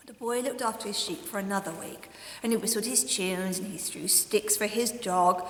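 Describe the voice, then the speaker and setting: A woman leading a school assembly and reading a story aloud to young children in an expressive, animated way. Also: mid-range voice, moderate pace, slight background noise. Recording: echoey hall with long reverb.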